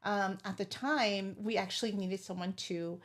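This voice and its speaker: A woman's voice: mid-range voice, steady tone, moderate pace. Woman guest telling heartfelt stories. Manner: rambling, heartfelt storytelling with many fillers. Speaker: guest, business owner. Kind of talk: casual interview chat.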